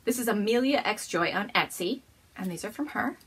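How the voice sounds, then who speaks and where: A woman's voice: mid-range voice, expressive, normal speed, breathy edge. A woman hosting a casual show-and-tell episode at home, gushing and bubbly, often laughing as she talks. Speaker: podcast host.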